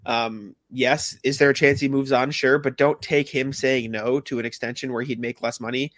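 A man's voice: mid-range voice, steady tone, normal speed, fairly bright tone, dry recording. Guy on a sports podcast, chatty, laughs a lot, dry close mic. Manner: chatty, laughs often, hedging fillers. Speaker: podcast co-host. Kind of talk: casual sports chat.

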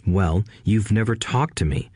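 A man's voice: lowish voice, lively intonation, unhurried, darkish tone, dry recording, studio quality. A man putting on an indignant little boy. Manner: pouting, accusing and whiny. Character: indignant young boy confronting his boss. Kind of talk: audiobook character voice.

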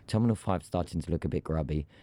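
A man co-hosting an aviation news podcast, talking in a casual, animated, ranting way. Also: very deep voice, quick pace. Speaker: podcast co-host.

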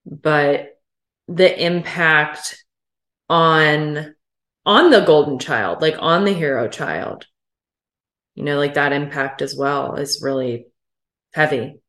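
Affirming woman host, lowish voice. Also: slow pace, long pauses, fairly bright tone, echoey room. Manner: affirming, reflective. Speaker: podcast host. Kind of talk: conversational interview.

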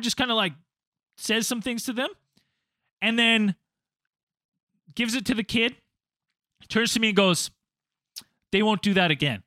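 A man telling a casual story to friends, animated and profane, acting out quotes loudly. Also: extremely high pitch, dry recording, clean studio sound. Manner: animated, acts out quotes, swears a lot. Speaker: storyteller, former teacher abroad.

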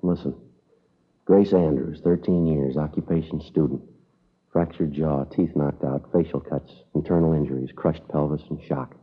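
A man's voice: extremely low pitch, fairly even intonation, normal speed, breathy edge. A man playing a police detective who speaks in a clipped, matter-of-fact way, in an old radio drama. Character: stern, steady male police detective. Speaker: police officer. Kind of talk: 1950s radio drama acting. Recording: tinny old radio broadcast.

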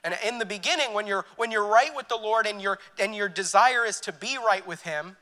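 Bright, high-voiced male preacher. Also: fairly quick, in a large hall. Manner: conversational, many fillers and restarts, laughs at his own story. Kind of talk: sermon with personal story. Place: church.

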